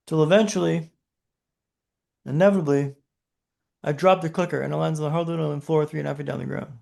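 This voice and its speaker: A man's voice: fairly high pitch, fairly even intonation, fast, gravelly, a little mellow. A man, a podcast guest, telling a dramatic personal story in punchy short phrases with rhetorical questions.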